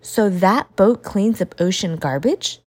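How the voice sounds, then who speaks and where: A woman voicing an excitable, curious young character in a children's story, full of eager questions. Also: medium pitch, measured pace. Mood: excited.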